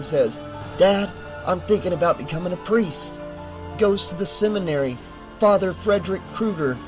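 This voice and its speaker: A man narrating a horror audiobook in an expressive, emphatic way, sometimes rising into loud cries. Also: high voice, low-quality recording. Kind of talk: dramatic audiobook reading.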